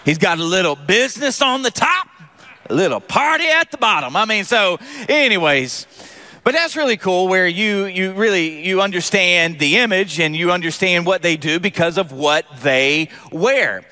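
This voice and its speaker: A man preaching a sermon as pastor, animated and joking with the congregation in church. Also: high-pitched, moderate pace.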